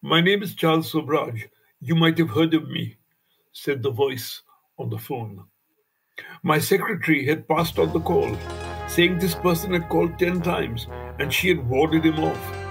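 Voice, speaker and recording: A man in his seventies, from India, reading from his own memoir in a measured, wry storytelling manner, with music playing underneath. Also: fairly high pitch, gravelly. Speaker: author.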